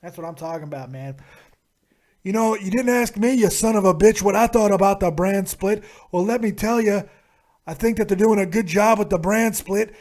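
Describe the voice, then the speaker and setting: A man doing a loud cursing wrestler bluster. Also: high-pitched, moderate pace, natural voice. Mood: blustery. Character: loud brash Texan wrestler impression, man.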